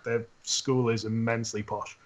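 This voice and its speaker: A man's voice: mid-range voice, normal speed. Chatty man telling a story with laughs. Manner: animated storyteller, laughs often, many restarts. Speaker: podcast co-host and robot builder. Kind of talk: casual chat.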